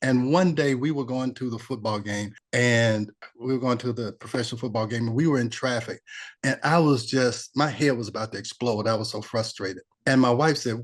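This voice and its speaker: A man's voice: medium pitch, brisk. A man in his sixties, an interview guest telling his personal story in a rambling, heartfelt way, restarting sentences often. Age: 60s. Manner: rambling, restarts often, laughs, gets choked up. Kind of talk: emotional personal testimony.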